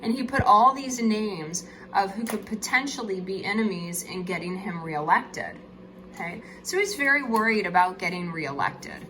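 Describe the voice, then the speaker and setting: A chatty woman teacher walks through a casual video lesson, joking about her drawings and checking in with "okay?". Her voice is bright, with faint background noise. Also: medium pitch, lively intonation, normal speed, rough recording.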